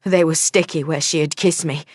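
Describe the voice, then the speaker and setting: Woman, audiobook narrator, low voice, dry close recording, measured and steady. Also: breathy edge, no room sound. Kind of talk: first-person audiobook narration.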